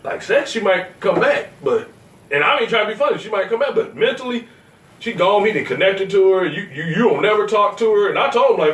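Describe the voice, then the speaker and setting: A man's voice: high-pitched, expressive, fast talker, a bit bright. A man hosting a casual podcast chat, blunt and profane, telling stories from his own life. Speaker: show host. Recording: roomy echo, distant mic.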